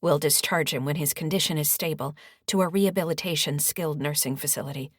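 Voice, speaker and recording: A woman voicing a female hospital doctor who speaks in a calm, clinical way. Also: low-pitched, fast talker, dry recording, studio quality.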